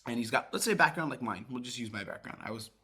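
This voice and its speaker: A man gives a sales training talk in a loose, casual way, now and then swearing and acting out how a call should sound. His voice is bright and a little husky. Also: medium pitch, animated, racing. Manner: demonstrates tones by acting out calls; casual, swears, many restarts. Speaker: sales coach.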